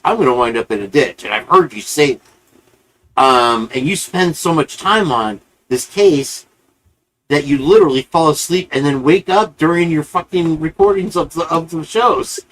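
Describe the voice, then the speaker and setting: A man's voice: fairly high pitch, fairly bright tone, rough recording. A man hosting a live-stream show, telling a long rambling story in a casual, profane, chatty way.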